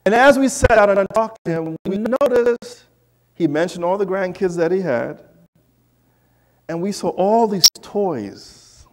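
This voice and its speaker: A man preaching in a church, telling a lively personal story with asides to the congregation. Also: high voice, unhurried. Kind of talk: storytelling sermon.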